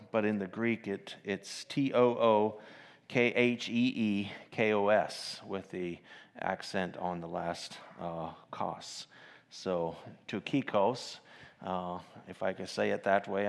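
Hesitant preacher man in reverberant hall. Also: mid-range voice. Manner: halting, many fillers and restarts, reads scripture aloud. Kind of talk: informal sermon with scripture reading.

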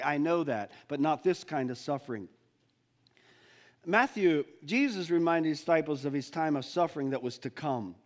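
A man with a notably high voice preaches a sermon in an earnest, searching way. He often stops and restarts his sentences as he works through a question before his congregation. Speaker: pastor.

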